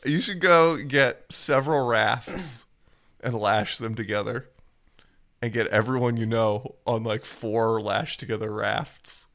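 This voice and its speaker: A man's voice: mid-range voice, slow, gravelly, a bit bright. A man from the Baltimore area chatting casually as a podcast co-host, wry and riffing with playful ideas. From US South, Baltimore area. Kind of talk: casual chat.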